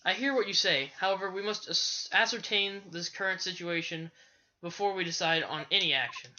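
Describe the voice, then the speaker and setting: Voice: medium pitch, moderate pace, pushed and bright, lo-fi sound, a little hiss or hum. A player reading a stern mercenary commander. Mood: commanding. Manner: curt, commanding. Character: stern veteran mercenary commander, gruff father.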